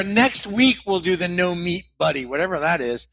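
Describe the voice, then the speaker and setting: A man co-hosting a live comedy podcast, reading mock ad spots with crude deadpan jokes. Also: high-pitched, normal speed, dry recording. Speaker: podcast co-host.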